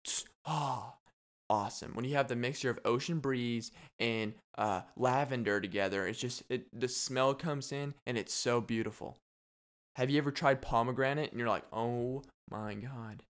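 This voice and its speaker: A man's voice: mid-range voice, moderate pace, clean tone. A young man hosting a casual solo podcast, rambling and joking with frequent laughs. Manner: rambling, jokey, laughs often. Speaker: podcast host.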